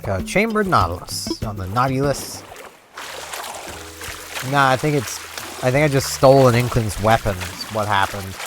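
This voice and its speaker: Brief: male gaming vlogger, lively pitch, rambling casual chat, game music under it. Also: normal speed, long pauses. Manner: rambling, many "like"s and restarts. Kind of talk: casual chat over gameplay.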